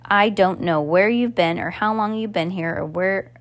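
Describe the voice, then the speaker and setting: A woman's voice: mid-range voice, normal speed, natural voice. A woman reading aloud and voicing a pompous, coughing middle-aged male banker who scolds and sputters. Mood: blustering. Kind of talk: audiobook character voice.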